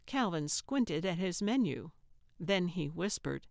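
A woman narrating a cozy mystery audiobook in a measured, deadpan way. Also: lowish voice, vocal fry, no room sound, studio quality. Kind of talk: scripted narration.

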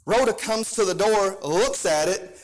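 A man's voice: high voice, a little slow. A pastor preaching a sermon with an impassioned, sing-song cadence and frequent call-outs to his congregation.

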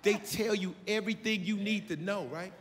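A male stand-up comedian telling a story on stage in a loud, punchy, high-energy way. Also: steady tone, moderate pace, a little hiss or hum. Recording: live club hall with loud crowd.

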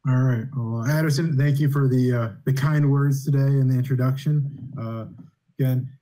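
A young man presenting a technical talk over a video call, speaking in a measured way with frequent fillers. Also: mid-range voice, fairly even intonation, dark tone, rough recording. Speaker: guest speaker.

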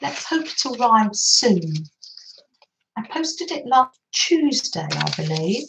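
A woman's voice: fairly high pitch, sing-song, slow, vocal fry, noisy background. A woman chatting through a craft session at her desk, gushing over papers and cooing about how lovely everything is. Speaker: craft vlogger. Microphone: camera on desk.

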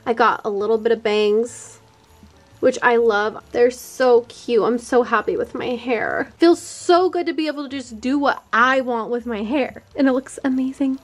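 Excitable girl vlogger gushing thru a home tour, kinda high voice, super chatty. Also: normal speed, soft background music. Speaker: lifestyle vlogger. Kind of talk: casual home tour vlog. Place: her own home, indoors.

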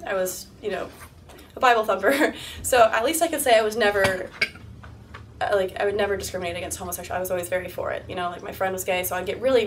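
A young woman in her twenties speaking candidly as a guest at a university talk, laughing often and acting out quoted lines. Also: mid-range voice. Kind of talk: interview-style talk to a live audience. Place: university lecture room. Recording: distant mic with faint room noise.

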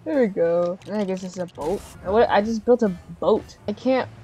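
A young woman playing a video game and reacting out loud, giggling often and shrieking with excitement. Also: medium pitch, normal speed. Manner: giggly, excitable, squealing exclamations. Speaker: gamer. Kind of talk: casual gameplay commentary. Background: game music.

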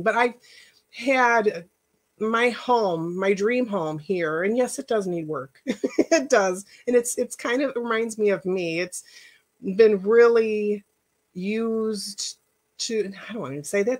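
A middle-aged woman life coach giving a casual workshop talk, earnest and emotional, chatty with many asides. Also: mid-range voice. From Northwest Indiana, United States.

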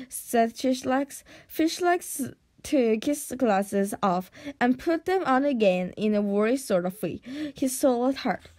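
A woman's voice: fairly high pitch, expressive, slow, darkish tone, dry recording, clean studio sound. A woman reading a children's novel aloud, stumbling now and then and correcting herself. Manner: reads with stumbles and self-corrections. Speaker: book reader.

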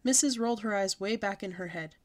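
Woman storyteller, expressive read-aloud of a children's book. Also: mid-range voice, a little fast. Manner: lively, expressive storybook reading.

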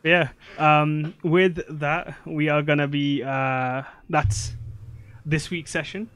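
A man's voice: on the high side, steady tone, slow, fairly bright tone, clean tone, dry recording. A man hosting and wrapping up a streamed tabletop game, talking in a laid-back, rambling way with casual swearing. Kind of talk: casual wrap-up chat.

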